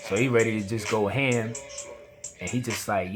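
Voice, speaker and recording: A man's voice: fairly low pitch, fairly even intonation, normal speed. A young man telling a personal story in a slangy, rambling way, chuckling now and then. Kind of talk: casual storytelling. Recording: music playing behind.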